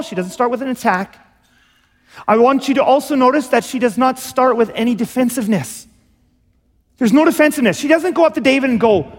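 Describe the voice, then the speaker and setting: A man's voice: extremely high pitch, expressive, a little fast, big-room sound. A man preaching a sermon in a conversational way, asking the listeners questions and acting out quotes. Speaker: pastor.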